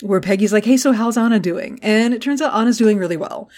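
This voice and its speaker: Animated woman podcast co-host. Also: on the high side, fast. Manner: animated, swears freely, acts out character lines. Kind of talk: casual recap chat.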